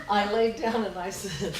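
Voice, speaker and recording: A middle-aged woman performing a storytelling comedy set, often laughing at her own story and shouting out other people's lines. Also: mid-range voice. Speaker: stand-up comedian. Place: small live music venue. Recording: echoey room, distant mic, faint noise.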